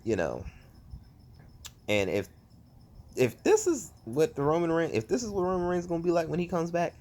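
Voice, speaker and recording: A man giving a casual, ranting review as a vlogger, animated and profane, full of exasperated outbursts. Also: a little high, normal speed. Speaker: wrestling fan vlogger.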